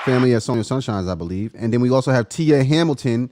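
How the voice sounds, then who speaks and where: A man hosting a casual livestream, chatting loosely and giving shout-outs to viewers by name. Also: medium pitch, animated, quick pace, a crowd in the background, noisy background. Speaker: livestream host.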